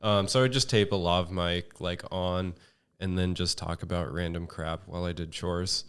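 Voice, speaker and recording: A man speaking as a podcast guest in a monotone, casual chat full of fillers and restarts. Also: sits low, moderate pace, clean tone. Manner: rambling, with many fillers and restarts.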